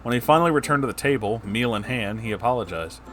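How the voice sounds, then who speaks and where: A man's voice: mid-range voice, lively intonation, fast talker, fairly bright tone, soft background music. A man reading a story aloud and breaking off for casual, sarcastic, profane asides. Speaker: story narrator.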